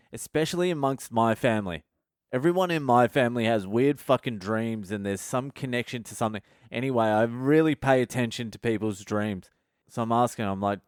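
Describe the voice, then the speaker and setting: A man's voice: medium pitch, smooth, dry recording, studio quality. A man hosting a comedy podcast, ranting and telling stories in a profane, casual monologue. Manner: profane, ranting, heavy swearing. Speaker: podcast host.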